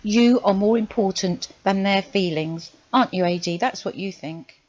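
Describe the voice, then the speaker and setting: A woman's voice: medium pitch, normal speed, a little mellow, highs cut off. A woman hosting her channel, commenting on clips with exasperated, sarcastic rhetorical questions. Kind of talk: reaction commentary.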